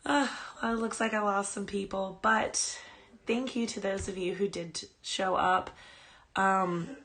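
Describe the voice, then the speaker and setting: A woman's voice: medium pitch, steady tone, a little slow, a bit bright. Chatty woman telling a spooky story. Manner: chatty, rambling, breaks off to coo at her dog. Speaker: podcast host. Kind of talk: casual live-stream storytelling.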